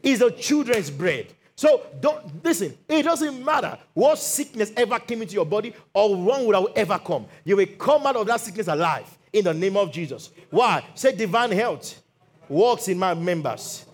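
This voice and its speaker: A man's voice: high voice, big pitch swings, moderate pace, husky. A middle-aged Nigerian man preaching a sermon as lead pastor, leading the congregation in call-and-response declarations.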